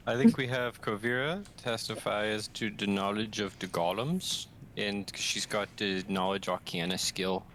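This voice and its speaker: A man's voice: fairly low pitch, fairly even intonation, unhurried, hardly any pauses, fairly bright tone, slight background noise. A man playing a tabletop game, laying out the group's plan in casual chat. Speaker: player.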